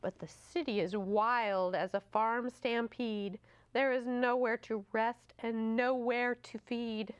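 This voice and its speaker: A woman librarian hosting storytime, reading a picture book aloud to children in a slow, sing-song way. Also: on the high side, fairly even intonation, clean tone.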